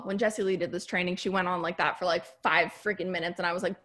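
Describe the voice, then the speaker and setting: Bright bubbly woman coaching her team. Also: lowish voice, fast, hardly any pauses. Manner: bubbly, chatty, lots of "like" and "right?". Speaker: business coach. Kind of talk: team training on a video call. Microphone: video call.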